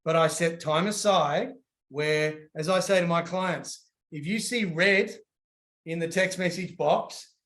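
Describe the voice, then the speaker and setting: A man giving casual coaching advice and acting out little voices as he tells stories. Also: a little high. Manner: animated, acts out voices in his stories.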